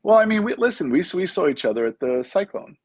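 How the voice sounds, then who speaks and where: A man's voice: high-pitched, very animated, fast, darkish tone, dry recording. A middle-aged man calling in as a guest, joking and laughing as he tells a story. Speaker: guest caller. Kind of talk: casual chat on a video call.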